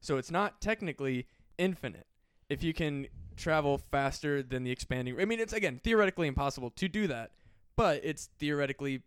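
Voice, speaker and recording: A man talking on a podcast with a smooth voice that cracks now and then. He rambles in an excitable, profane way through big ideas. The sound is dry and close. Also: mid-range voice, dry recording. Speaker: podcast guest. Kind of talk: casual chat.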